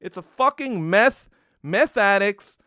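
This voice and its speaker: A man hosting a podcast, delivering an angry political rant in a profane, contemptuous, rapid-fire tirade. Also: high voice, lively intonation, bright, forceful tone, no room sound, clean studio sound. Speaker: podcast host.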